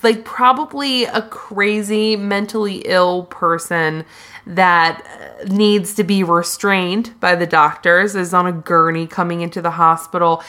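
A woman co-hosting a podcast, casually recapping a TV episode with lively storytelling. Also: lowish voice, a little slow. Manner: animated storyteller, laughs often. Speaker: podcast co-host.

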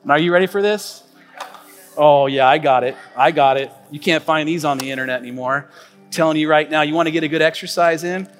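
A man in his forties, a pastor delivering a sermon in a relaxed storytelling way, full of fillers and restarts. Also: a little high, a little fast, big-room sound, faint music behind. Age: 40s. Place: church stage.

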